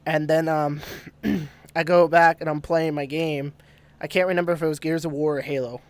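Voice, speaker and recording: A man's voice: a little high, fairly even intonation, normal speed, smooth. A man telling a ghost story on a podcast, laughing often and swearing freely. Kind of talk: casual storytelling.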